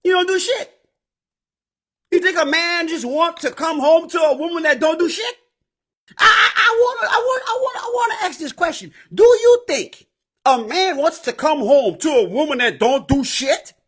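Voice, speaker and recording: A man hosting his own show, delivering a profane, animated advice rant that bursts into shouting. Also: very high-pitched, moderate pace. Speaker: show host. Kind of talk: ranting advice monologue.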